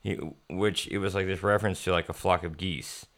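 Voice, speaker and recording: A young man hosting a podcast, telling work stories in a profane, animated way and laughing often. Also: sits low, a little fast. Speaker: podcast host. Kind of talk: casual storytelling chat.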